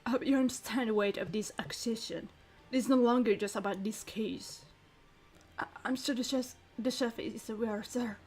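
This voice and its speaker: A woman's voice: a little high, normal speed, darkish tone, breathy edge, voice pushed down. A woman voicing a formal, deferential male official in a game. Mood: earnest.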